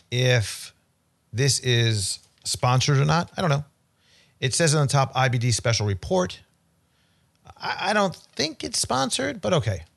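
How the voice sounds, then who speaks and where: A man giving casual, opinionated commentary on investing, rambling and blunt. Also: mid-range voice. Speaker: financial commentator. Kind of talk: casual talk.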